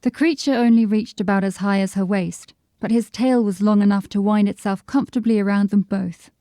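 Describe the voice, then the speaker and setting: A woman narrating a fantasy audiobook in a measured, descriptive storytelling manner. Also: mid-range voice, fairly even intonation, mellow, dry recording, studio quality. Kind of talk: scripted narration.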